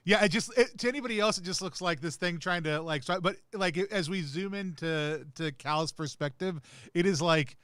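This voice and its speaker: A man playing a tabletop game, animated and rambling, laughing often as he describes his character. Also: high voice, moderate pace, smooth, dry recording. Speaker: player. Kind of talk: tabletop role-play chat.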